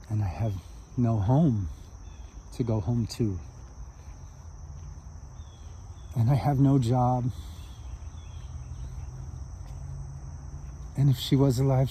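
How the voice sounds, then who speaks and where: A man voicing a big, belligerent drunk laborer who speaks in a low, heavy voice. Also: darkish tone, a little hiss or hum. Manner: gruff, then ashamed and tearful.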